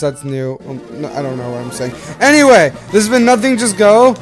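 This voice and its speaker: A young man from Canada, high-voiced and fairly quick, hosts a playthrough with faint music behind him. His casual commentary is rambling, and he often stops to correct himself.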